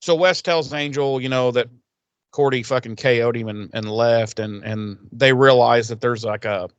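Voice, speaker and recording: A man at middle pitch talks straight into a close mic in a dry, deadened room. He recaps a TV episode loosely, swears freely and drops into quick voiced impressions of the characters. His delivery is animated and rambling. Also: clean tone, no room sound, lo-fi sound. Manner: profane, animated retelling with voiced quotes. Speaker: podcast co-host.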